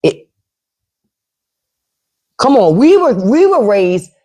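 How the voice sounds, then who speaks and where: A woman's voice: medium pitch, very animated, slow pace, warm tone. A woman in her fifties hosting a casual livestream, blunt and profane, laughing as she quotes her elders. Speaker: podcast host on a livestream. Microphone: phone or webcam livestream mic.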